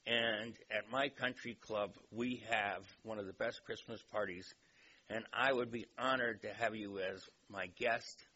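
A man's voice: fairly low pitch, fairly even intonation, unhurried, bright, forceful tone, breathy edge, full character voice. Man doing a smug, polite bar patron. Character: smug middle-aged man at a hotel bar. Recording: dull recording with faint hiss.

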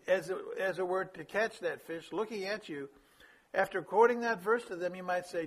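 A man preaching a sermon, teaching how to share faith, swinging between quick bursts and slow, quiet emphasis. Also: husky. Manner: varies pace and loudness, drops low for emphasis. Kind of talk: sermon on evangelism.

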